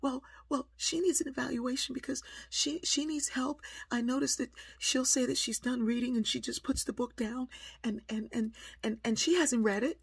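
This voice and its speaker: A woman's voice: sits high, steady tone, normal speed, vocal fry, slightly rough, no echo, voice pushed up, full character voice. A woman voicing a frazzled, defensive female schoolteacher who stammers and insists. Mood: flustered.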